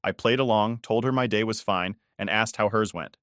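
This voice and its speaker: A man narrating a first-person story in a measured, restrained and cold manner. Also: fairly low pitch, a bit bright, dry recording, clean studio sound.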